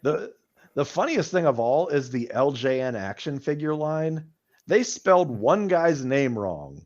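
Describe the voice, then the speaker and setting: A man's voice: on the high side, very animated, a little slow, darkish tone, muffled recording. A man co-hosting a casual wrestling podcast, laughing and sharing trivia. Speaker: podcast co-host. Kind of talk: casual chat.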